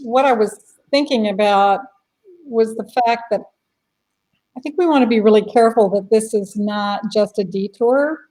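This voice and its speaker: A woman's voice: a little high, normal speed, warm tone, poor audio. A woman on a panel who thinks aloud, speaking earnestly. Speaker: panel guest, blogger. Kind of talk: casual panel chat.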